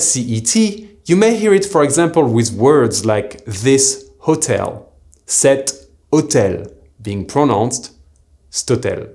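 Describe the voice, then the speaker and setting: A man teaching a recorded beginner French lesson, speaking clearly and slowing down to pronounce example phrases. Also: mid-range voice, a little mellow.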